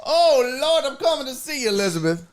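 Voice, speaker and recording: A frail old team owner in a melodramatic panic, wailing high above the host's normal voice, as a man puts him on. He sounds shaky and overwrought as he calls out to the Lord. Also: big pitch swings, a little fast, a little hiss or hum. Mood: panicked.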